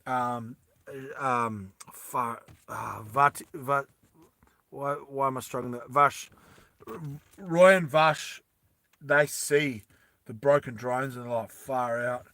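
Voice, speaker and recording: A man casually retelling an adventure story in a rambling, animated way with many fillers. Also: medium pitch, slow pace, no room sound.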